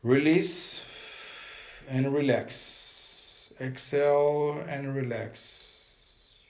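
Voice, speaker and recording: A man leading a guided meditation, giving calm step-by-step breathing instructions. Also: mid-range voice, extremely slow.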